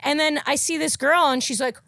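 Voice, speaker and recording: A young woman, hosting a podcast and telling a story in casual, profane, animated chat. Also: high voice, a little fast, vocal fry, no echo, studio quality. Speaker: podcast host.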